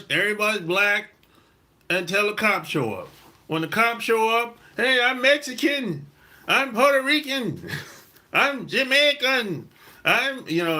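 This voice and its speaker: A man from South Carolina, hosting a podcast and telling a story in a blunt, emphatic monologue with cursing and drawn-out stresses. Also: high voice, sharp tone. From South Carolina, USA. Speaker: podcast host. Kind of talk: casual monologue.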